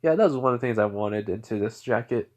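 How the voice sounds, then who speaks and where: A man voicing a calm, cocky teenage boy hero who talks in a relaxed, smug way. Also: on the low side, fast, natural voice.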